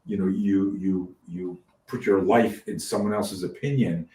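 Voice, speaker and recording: A man with a lowish voice hosts a casual podcast chat, animated and profane, circling back through false starts as he tells a story. He sounds set back from the mic, and his voice rings in an echoey room. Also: a little slow, distant mic. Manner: animated storyteller, swears freely, many restarts. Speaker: podcast host.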